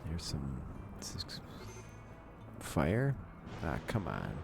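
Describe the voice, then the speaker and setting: Gravelly low-voiced man narrating gameplay. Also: wildly swooping pitch, slow pace, music in the background. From Wisconsin. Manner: thinks aloud, chuckles often. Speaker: let's play gamer. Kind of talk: casual gameplay commentary.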